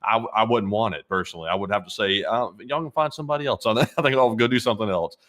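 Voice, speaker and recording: A man's voice: fairly low pitch, fast, fairly bright tone. A man co-hosting a casual livestream, reading out viewer donations and chatting offhand with frequent fillers.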